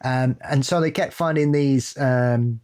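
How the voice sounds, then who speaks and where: A man co-hosting a podcast, talking in a loose, casual way. He is blunt and sweary and holds strong opinions, and his pitch sits in the middle range. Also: measured pace, smooth. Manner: blunt, sweary and opinionated, building to animated laughing rants. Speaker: podcast co-host. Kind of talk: casual chat.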